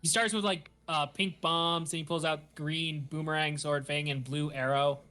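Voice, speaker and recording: A man hosting a podcast, recapping a show in animated, giggly casual chat. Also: on the high side, normal speed. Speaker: podcast host.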